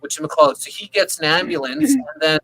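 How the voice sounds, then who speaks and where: A man telling a long, rambling story in casual conversation on a video call, keeping it animated and often checking in with the listener. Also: high-pitched, quick pace, creaky, poor audio. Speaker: open panel participant.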